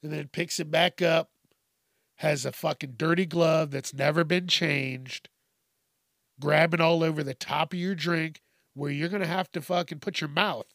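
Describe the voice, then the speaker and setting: A man's voice: a little high, fairly even intonation, unhurried, creaky, fairly bright tone, no echo, clean studio sound. A man hosting a podcast, delivering a profane comedic rant and laughing at his own jokes. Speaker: podcast host.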